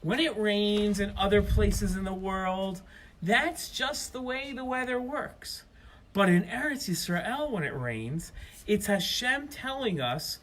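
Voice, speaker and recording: A middle-aged man telling a story to young children, explaining things slowly and with emphasis, recorded outdoors at his home. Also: sits high, animated, fairly bright tone.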